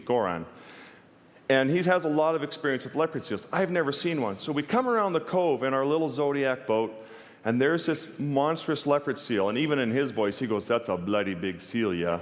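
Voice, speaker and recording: Man telling a story in a big hall. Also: medium pitch. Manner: earnest and vivid, with wry humor. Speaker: wildlife photographer giving a talk. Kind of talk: stage talk, personal storytelling. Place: stage in a large hall. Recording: long reverb of a large hall.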